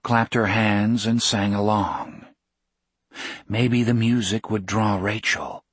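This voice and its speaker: Brief: male narrator, husky voice, gentle measured reading. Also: medium pitch, no echo. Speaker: audiobook narrator. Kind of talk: scripted narration.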